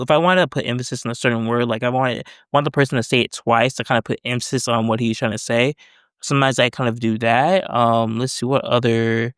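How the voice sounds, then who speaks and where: Rambling man with a smooth voice. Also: medium pitch, a bit bright, no room sound, studio quality. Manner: rambling, many fillers and self-corrections. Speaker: developer demoing voice prompts. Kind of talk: casual screen-recorded tutorial.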